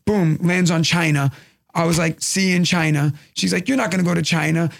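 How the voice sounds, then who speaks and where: Young New York man, podcast co-host; high, gravelly voice, rambling storyteller. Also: fairly quick. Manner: rambling, animated storyteller acting out quotes. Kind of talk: casual storytelling chat.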